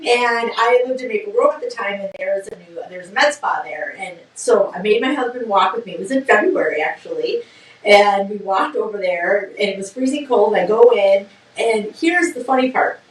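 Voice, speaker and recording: A middle-aged woman, a business co-founder, telling a story in a casual interview with lively laughter. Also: mid-range voice, normal speed, recorded from a distance. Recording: roomy sound from off-mic.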